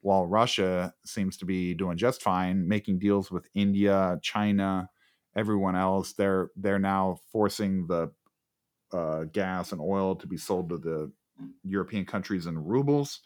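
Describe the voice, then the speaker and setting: A man's voice: deep voice, fairly even intonation, unhurried, darkish tone. A man co-hosting a podcast in casual chat, rambling and sarcastic with lots of fillers. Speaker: podcast co-host.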